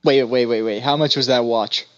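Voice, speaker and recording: A man co-hosting a podcast, telling a rambling story in casual chat and laughing often, with a deadpan delivery when quoting himself. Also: medium pitch, normal speed, no echo, dull audio. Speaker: podcast co-host.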